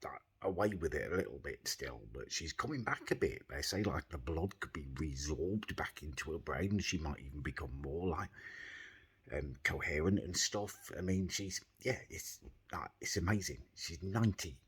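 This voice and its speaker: A young man vlogging casually. He talks quietly at first, then rants in an exasperated, sarcastic way. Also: very deep voice, animated, normal speed, breathy edge. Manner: quiet, subdued at the start. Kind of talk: casual vlog rant.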